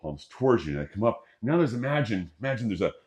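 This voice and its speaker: On the low side, slightly mellow and fast, this male voice swings widely in pitch. A middle-aged qigong instructor, he gives guided exercise cues, joking casually and talking through each breath.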